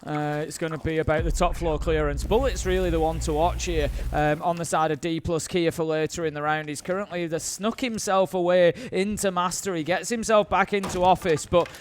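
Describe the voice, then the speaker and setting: High-voiced British esports co-caster. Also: male voice, steady tone, a little fast, hardly any pauses, slight background noise. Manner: analytical, breaks into shouts on clutch plays. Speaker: esports analyst. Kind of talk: color commentary.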